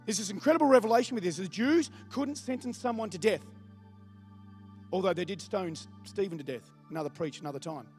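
A pastor with a high-pitched voice preaches in a loose, conversational style, animated and brisk. He reads scripture aloud and keeps putting questions to the congregation while soft music plays faintly in the background.

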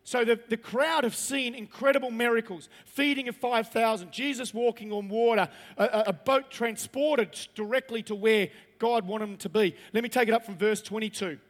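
High-voiced man preaching in a hall. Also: normal speed, hardly any pauses. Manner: reads scripture aloud, then preaches with rising emphasis. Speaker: pastor. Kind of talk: sermon.

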